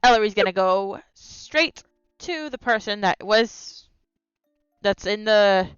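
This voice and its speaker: A woman's voice: mid-range voice, expressive, slow, clean tone, no room sound, muffled recording, soft background music. A woman player in a tabletop game, describing her character's actions. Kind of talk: tabletop role-play.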